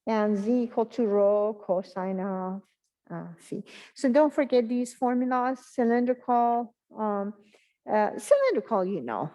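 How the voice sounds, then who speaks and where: Unhurried higher-voiced woman teaching math. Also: warm tone, rough recording. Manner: halting, thinking aloud with many pauses and fillers. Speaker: math instructor. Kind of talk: exam review lecture. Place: online class session.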